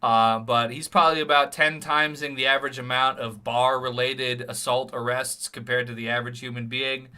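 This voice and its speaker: Guy streaming live, rambling crude commentary, really bright voice. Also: mid-range voice, little pitch movement, a little fast, few pauses, smooth.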